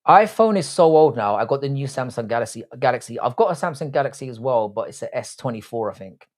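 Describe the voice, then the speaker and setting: Young guy on a livestream, cocky crude banter with chat, mid-pitched voice. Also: animated, fast, darkish tone. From Britain. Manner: crude, cocky banter, calls himself "your boy". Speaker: livestream host. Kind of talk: casual live chat reading out viewer comments.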